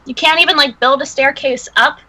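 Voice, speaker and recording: A blunt, wry woman at a tabletop game who swears freely. Her voice is bright and a little high. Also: steady tone, a little fast, poor audio. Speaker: player.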